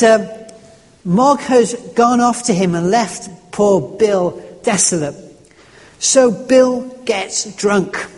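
A man preaching a sermon, telling a story in an earnest, halting way with frequent restarts. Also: sits high. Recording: echoey hall.

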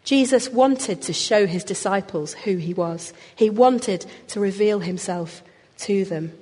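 A woman preaches a sermon in a church with a long, ringing reverb. Her voice sits at an ordinary middle pitch. She speaks expressively and lifts her emphasis on the words that matter. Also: unhurried, a little mellow, breathy edge.

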